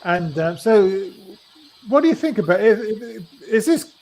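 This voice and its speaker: A man co-hosting a casual politics chat, speaking haltingly with many restarts and ums. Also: sits high, very animated, a little mellow, slight background noise, low-quality recording. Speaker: co-host.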